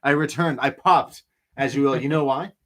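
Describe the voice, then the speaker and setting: Man, podcast co-host, casual chat, animated storyteller, laughs a lot, mid pitch. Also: moderate pace. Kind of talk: casual wrestling recap chat.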